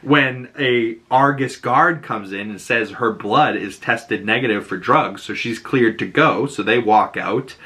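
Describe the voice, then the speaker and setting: Bright-voiced chatty male show reviewer. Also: mid-range voice, a little slow, hardly any pauses. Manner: chatty, profane, fanboyish; acts out the characters' lines. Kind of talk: casual episode recap.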